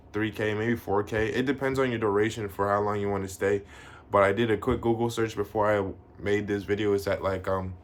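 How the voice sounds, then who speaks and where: A man's voice: lowish voice, a bit bright. Young man in a slangy casual vlog. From United States. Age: young adult. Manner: slangy, swears, uses lots of fillers. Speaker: vlogger. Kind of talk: casual vlog talk to camera. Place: Tokyo.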